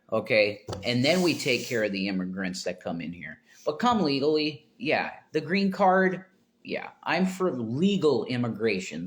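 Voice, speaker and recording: A male streamer holds forth to his chat in an agitated, profane rant. His voice sits at a middling pitch but climbs sharply when he gets heated. He talks straight into a desk mic. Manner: worked-up, swearing, rising to near shouts. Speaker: live streamer. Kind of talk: ranting live stream chat.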